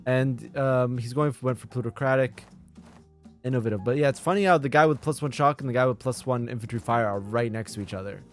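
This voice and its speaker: A man's voice: mid-range voice, brisk, faint music behind. A man hosting a live strategy game stream, commenting eagerly to his chat and breaking into laughs. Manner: excitable, laughs and talks to chat. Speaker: streamer and lobby host.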